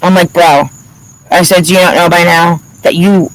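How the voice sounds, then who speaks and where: A woman's voice: on the low side, steady tone, normal speed, poor audio. A woman tells a story straight to the camera, still fired up about it. She swears freely and acts out each back-and-forth exchange in her own voice. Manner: heated, profane storytelling with lots of reported dialogue. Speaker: vlogger telling her side of a story. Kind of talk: casual storytime.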